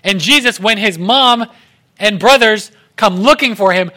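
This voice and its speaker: A young man preaching a casual sermon in an animated way, acting out the voices of the people he quotes. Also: very high-pitched, normal speed.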